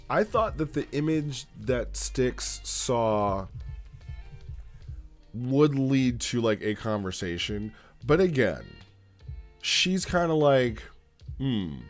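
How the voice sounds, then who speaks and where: A man giving a casual, rambling spoken review of a roleplay log, halting and often checking in with "right?". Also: mid-range voice, fairly bright tone.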